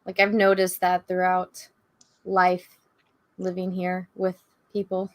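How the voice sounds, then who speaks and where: A woman's voice: lowish voice, monotone, slow pace, dry recording. A woman with a Californian accent, a guest on a video call, talking casually and giggling, with lots of "like.". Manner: chatty, giggly, many fillers like "like". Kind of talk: casual chat. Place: home art studio. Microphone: video call mic.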